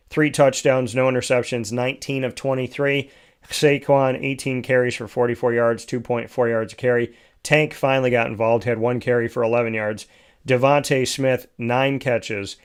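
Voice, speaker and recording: A man hosting a solo fantasy football talk show, reading off player stats in quick lists and correcting himself as he goes. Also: medium pitch, smooth. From United States.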